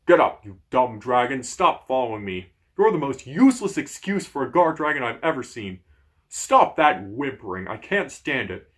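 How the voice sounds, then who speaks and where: A man voicing a huge, short-tempered frost giant who shouts and scolds in a raised voice. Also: mid-range voice, very animated, moderate pace, close to an everyday voice. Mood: furious.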